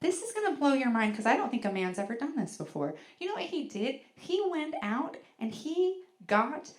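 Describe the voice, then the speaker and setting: A woman's voice: high-pitched, big pitch swings, moderate pace. A middle-aged woman performing a stand-up comedy set on a venue stage, telling rambling stories with lots of fillers and acting out other people's voices. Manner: chatty, filler-heavy storytelling with big acted-out voices.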